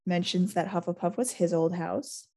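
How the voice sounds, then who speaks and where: A woman podcast host reading a novel aloud and recapping it with a guest, lively and quick, with small laughs. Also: fairly low pitch.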